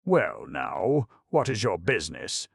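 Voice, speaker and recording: A sharp-tongued spinster aunt barks short, scornful replies in a shrill, raised voice, put on by a man reading a storybook. She sounds curt and unyielding. The recording is dry and close. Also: animated, slow pace, no echo. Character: shrill belligerent spinster aunt, middle-aged woman.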